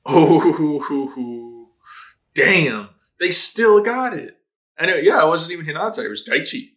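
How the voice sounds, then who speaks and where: A man with a bright, ringing voice gives casual reaction commentary as he watches. He sounds excitable and slangy, and he swears freely. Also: on the high side, normal speed. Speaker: anime reaction host.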